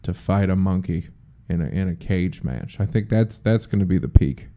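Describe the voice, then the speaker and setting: Low gravelly man rambling casually. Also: moderate pace, dark tone. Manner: rambling, profane, jokey. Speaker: podcast host. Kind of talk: casual solo podcast chat.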